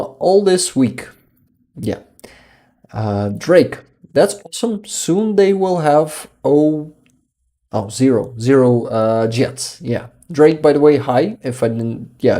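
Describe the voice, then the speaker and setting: Slow, mellow-voiced man on livestream. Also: mid-range voice. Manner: halting, searches for words, many fillers. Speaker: livestream host reading chat. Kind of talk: casual livestream chat.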